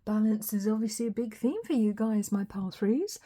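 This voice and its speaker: A woman giving a casual tarot reading, her voice a little hoarse from a recent cold, chatty and often laughing. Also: medium pitch, brisk. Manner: chatty, laughs often, some soft whispery asides. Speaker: tarot reader.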